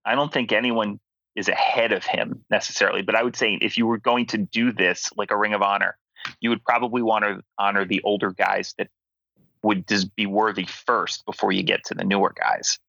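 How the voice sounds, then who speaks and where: A man's voice: on the low side, fairly even intonation, a little fast, gravelly, bright, forceful tone, no room sound. A young man from Philadelphia co-hosting a sports podcast in easygoing casual chat, thinking aloud. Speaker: podcast co-host. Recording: dull lo-fi home recording over call.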